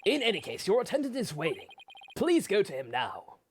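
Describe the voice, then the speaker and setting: A woman's voice: medium pitch, huge pitch swings, brisk, a little hiss or hum. A woman voicing a prim, scolding male butler with put-on posh diction. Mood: fussy. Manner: attempted posh diction without a British accent.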